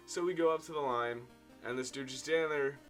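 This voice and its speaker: A man in his twenties tells a casual story-time tale to his viewers, with big swings in loudness and pitch. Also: brisk, faint music behind. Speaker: vlogger telling a story. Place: indoor room at home.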